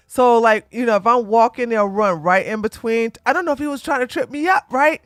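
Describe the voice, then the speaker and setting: Animated woman telling a story, dry sound. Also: on the high side, a little fast, dry recording. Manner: animated, laughs often, addresses the audience as ladies. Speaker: commentary channel host. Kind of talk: casual storytelling monologue.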